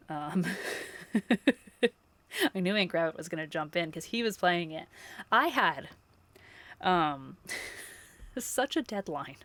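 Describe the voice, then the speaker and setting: A woman's voice: on the low side, fairly bright tone. A woman livestreamer chatting casually with her viewers, effusive and chatty, full of filler words and laughs.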